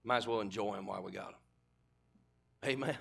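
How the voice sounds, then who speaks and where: A middle-aged man preaching a sermon, animated and humorous, acting out characters as he tells the story. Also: on the low side, brisk, creaky, husky.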